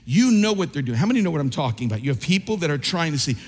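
A man preaching a sermon as pastor, animated, acting out the voices of people he quotes. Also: on the high side, racing, slightly rough. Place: church sanctuary. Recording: church hall reverb.

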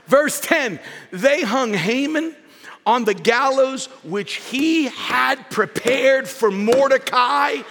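A male preacher with a bright, ringing tone delivers a sermon in an unhurried, deliberate pace. He acts out the story, throwing in asides and raising his voice for emphasis. His words carry a long reverb, as if he is preaching in a large hall. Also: extremely high pitch. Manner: animated storytelling preacher, acting out scripture with shouts and asides. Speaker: pastor.

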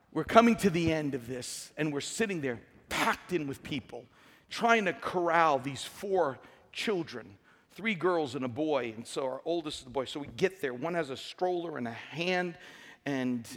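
A man's voice: a little high, fairly bright tone. Man, middle-aged, preacher, emphatic, repetitive, sermon in a reverberant hall. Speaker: pastor.

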